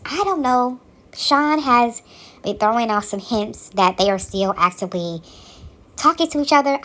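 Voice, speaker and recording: Sassy woman recapping reality TV. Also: mid-range voice. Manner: sassy, animated, exasperated commentary. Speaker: podcast host.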